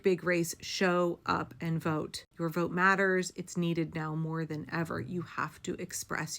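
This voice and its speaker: A woman's voice: fairly low pitch, gravelly, a bit bright. A woman giving impassioned, blunt political commentary straight to her audience, swearing for emphasis. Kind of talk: direct-to-camera political commentary.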